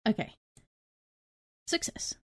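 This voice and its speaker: A woman's voice: slow pace, warm tone. A young woman playing a tabletop game, narrating her moves in a rambling, self-deprecating way with apologetic asides. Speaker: player. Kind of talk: tabletop role-play, casual chat.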